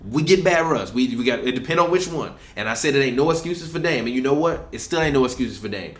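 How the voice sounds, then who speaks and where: A man's voice: medium pitch, expressive, fast talker, a bit bright. A young man, co-hosting a casual sports podcast at home, blunt and profane, hammering his points by repeating them. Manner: blunt, emphatic, profane, repeats himself for emphasis. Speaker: podcast co-host. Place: apartment room.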